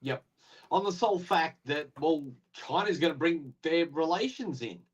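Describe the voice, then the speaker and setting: Man, blunt, firm, slightly high, dull lo-fi audio. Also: animated, moderate pace, husky. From Australia. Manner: firm, blunt, stammers at starts. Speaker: panelist. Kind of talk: casual panel chat.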